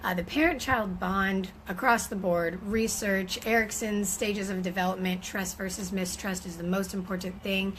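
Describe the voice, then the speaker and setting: A woman's voice: medium pitch, fairly even intonation, normal speed, few pauses, a bit bright, a little hiss or hum, rough recording. A woman giving an informal teaching talk on parenting, speaking conversationally with frequent fillers and restarts.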